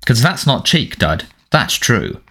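A man's voice: medium pitch, wildly swooping pitch, slow, vocal fry, a bit bright, slightly rough, heavily acted. A man doing a mocking teenage boy. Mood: taunting. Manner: mocking, sardonic. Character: sarcastic teenage boy, defiant and needling.

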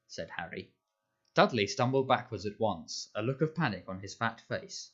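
A man narrating a children's novel in measured, scripted storytelling. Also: fairly low pitch, lively intonation, fairly bright tone, breathy edge, muffled recording. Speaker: audiobook narrator.

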